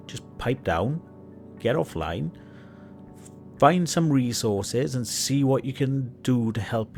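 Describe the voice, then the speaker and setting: Speaking in a voice on the low side and a little mellow, this man provides sarcastic livestream commentary on online drama. He talks straight to the person in the clips, mocking them and lecturing them.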